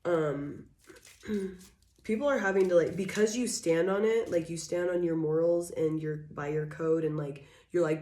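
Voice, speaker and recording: A woman with a deep, low voice gives a rambling, frank tarot reading, packed with fillers and interrupted by frequent coughing. The sound is echoey, as if she is in a bare room. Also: fairly even intonation, unhurried, darkish tone. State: coughing repeatedly. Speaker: tarot reader. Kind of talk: casual channeled tarot reading.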